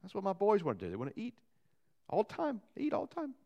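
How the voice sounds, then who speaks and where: A pastor preaching a sermon in a church, with folksy jokes and asides to the congregation and a delivery that swings from loud to quiet. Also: male voice, high-pitched, wildly swooping pitch, fast talker, gravelly. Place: church sanctuary.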